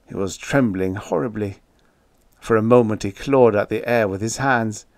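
A man giving a dramatic horror audiobook narration, measured and building dread. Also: lowish voice, darkish tone, no room sound, studio quality.

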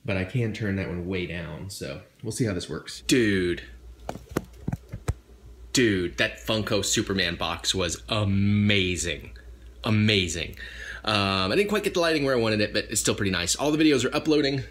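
A young man chatting casually to the camera in a weekly vlog, animated and quick to swear when annoyed. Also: fairly low pitch, a little hiss or hum. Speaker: vlogger.

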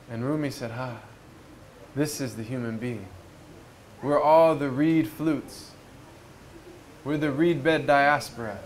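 A man's voice: medium pitch, fairly even intonation, slow pace, pauses often, a little hiss or hum. A man giving a reflective spiritual talk at a retreat, storytelling conversationally and asking his listeners rhetorical questions. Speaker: speaker at a retreat. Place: outdoors near a river.

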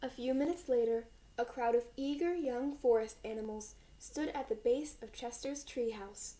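Mellow young woman reading a picture book. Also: on the high side, moderate pace, poor audio. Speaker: volunteer reader.

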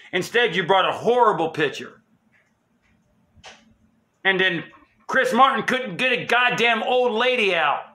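Male sports vlogger, high bright voice, heated emphatic rant with profanity. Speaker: sports channel host. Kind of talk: angry fan rant.

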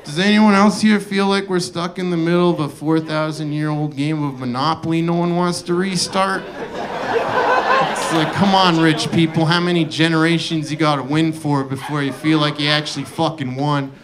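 A male comedian doing a profane, incredulous stand-up rant on a club stage, breaking into shouted outbursts. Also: fairly high pitch, animated, normal speed, noisy background. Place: comedy club stage before a live audience. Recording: live club audience laughing. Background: audience laughter.

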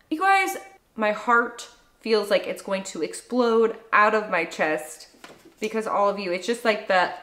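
A young adult woman chatting casually to camera at home as she opens fan mail, gushing and excitable. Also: mid-range voice, roomy sound. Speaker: vlogger opening fan mail.

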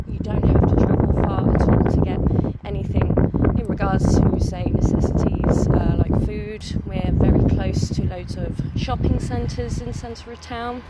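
A woman's voice: medium pitch, fairly even intonation, unhurried, few pauses, very noisy. A British woman working as a student halls manager, giving a chatty live walking tour with a phone. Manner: friendly, chatty, with many "so" and "um" fillers. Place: city street outside a building, then its reception. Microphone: phone held while streaming.

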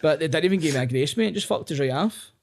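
A man's voice: fairly high pitch, expressive, quick pace, noisy background. A young Glaswegian man, a stand-up comedian, telling sweary stories in casual podcast chat and laughing often. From Scotland.

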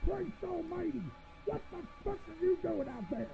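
Video game: furious religious neighbor, high and gravelly, yelling and swearing, dull audio with music under. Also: male voice, lively intonation, moderate pace, exaggerated voice. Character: furious pious male neighbor, cursing and shouting.

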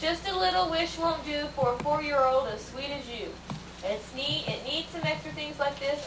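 A woman with a high voice coaxes and instructs a child, reading slowly when she reads aloud. She sits away from the mic in a roomy space. The old camcorder adds steady hiss. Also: distant mic. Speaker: parent at a child's birthday. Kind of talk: home video chat, directing a child.

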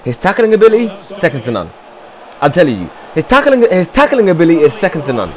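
A man talks over his football game, urging his players on and reacting loudly to every chance. His voice sits fairly high and swings widely in pitch. Between matches he slips into a mock press-conference manner, answering as the team's manager. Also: fast. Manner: animated, shouts encouragement at players. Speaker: gaming streamer. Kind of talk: excited gameplay commentary.

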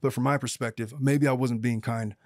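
A man's voice: medium pitch, fairly even intonation, a little fast, no room sound. Opinionated guy lawyer podcasting, blunt and emphatic, dead dry sound. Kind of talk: casual legal commentary chat.

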